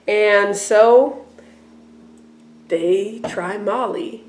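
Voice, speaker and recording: A young woman co-hosting a casual recap show, retelling scenes quickly with laughs. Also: medium pitch, roomy sound. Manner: animated, fast retelling with laughs.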